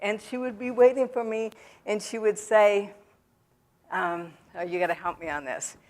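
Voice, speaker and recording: A woman speaking in a church, telling her own story to the audience in a halting way, with many pauses and fillers. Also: mid-range voice, fairly even intonation, a little mellow. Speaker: guest speaker at a recovery event. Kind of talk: personal testimony to a church audience. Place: church sanctuary.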